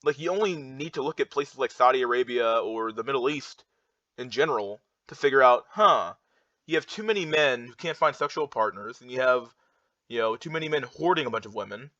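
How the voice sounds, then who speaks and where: A man's voice: medium pitch, expressive, a little fast, bright, forceful tone, no echo. A young man in a heated, rambling rant, full of fillers and restarts. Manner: heated, repetitive, filler-heavy with many restarts. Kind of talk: ranting monologue reacting to charts. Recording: dull lo-fi dry sound.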